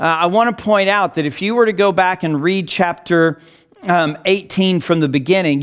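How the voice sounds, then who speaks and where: Lively high-voiced man preaching. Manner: earnest, expressive reading with lively emphasis. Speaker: pastor. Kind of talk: sermon with scripture reading.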